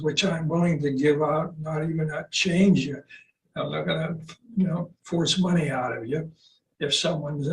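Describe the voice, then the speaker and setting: A man in his eighties telling stories casually as a qigong teacher, rambling and halting, with restarts and chuckles, heard over a video call. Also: fairly high pitch. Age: 80s. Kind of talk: casual storytelling. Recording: roomy, distant video-call audio with faint noise.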